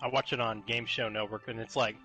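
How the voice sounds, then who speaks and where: Relaxed man with a bright voice. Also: on the low side, a little fast, highs cut off, soft background music. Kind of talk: casual podcast chat.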